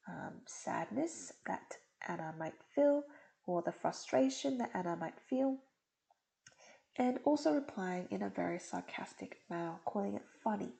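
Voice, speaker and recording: Gravelly, mellow-voiced woman tutor. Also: medium pitch, poor audio. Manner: patient, step-by-step explaining. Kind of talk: explaining test questions.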